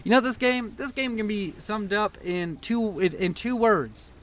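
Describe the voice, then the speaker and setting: A young man casting a strategy video game, excitable and joking, swearing freely as he reacts to the action. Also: high voice, unhurried, no echo. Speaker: game caster. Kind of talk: casual profane game commentary.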